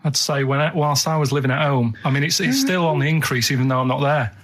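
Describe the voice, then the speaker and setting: Guy, deadpan, halting, rambles through a story, studio mic. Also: medium pitch. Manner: deadpan, halting, plain-spoken. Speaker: regular radio co-presenter. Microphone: studio microphone.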